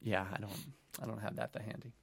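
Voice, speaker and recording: A man co-hosting a podcast in casual chat, easygoing and wry, dropping deadpan asides. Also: on the low side, quick pace, creaky. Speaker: podcast co-host.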